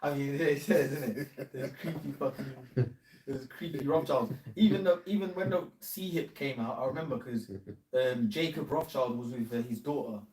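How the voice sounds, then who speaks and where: A man's voice: mid-range voice, moderate pace, darkish tone, far from the mic. A man in a rambling casual chat, full of slang and often calling others "man". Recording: echoey room, off mic.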